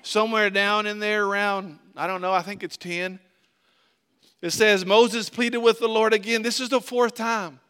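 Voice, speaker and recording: A man preaching a sermon as a pastor, in a conversational, animated way with frequent restarts. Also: high voice, moderate pace, clear, resonant tone.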